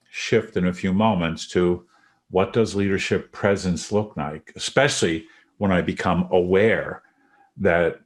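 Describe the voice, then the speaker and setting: An older man with a very low voice leads a group talk on leadership. He speaks in a reflective, encouraging way, thinking aloud as he goes. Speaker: host leading a leadership discussion. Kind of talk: conversational coaching talk.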